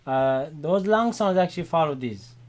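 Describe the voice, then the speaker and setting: A man's voice: on the high side, lively intonation. A man teaching a Quran class, explaining vowels step by step and checking in with his students. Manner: repeats Arabic words slowly and loudly, checks in with "right?". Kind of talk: classroom Arabic lesson.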